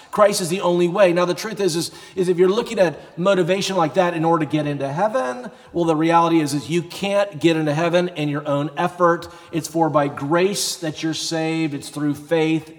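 Male pastor, animated sermon storyteller, slightly high voice, reverberant church hall. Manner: animated storytelling, rising to shouts.

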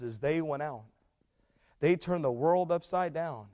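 Man, pastor, high-pitched, sermon delivery, hushed then loud and emphatic. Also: measured pace. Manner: preaching, swinging from hushed to loud emphatic climbs.

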